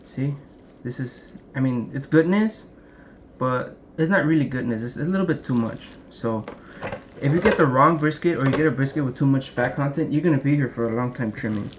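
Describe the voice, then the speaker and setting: A young man talks through trimming and seasoning a brisket in his home kitchen, loose and jokey, with offhand swearing. His voice sits at a middling pitch for a man. Clear room ambience runs underneath. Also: slight background noise. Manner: joking, rambling, swears casually. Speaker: home cook showing a brisket recipe. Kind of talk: casual cooking demonstration.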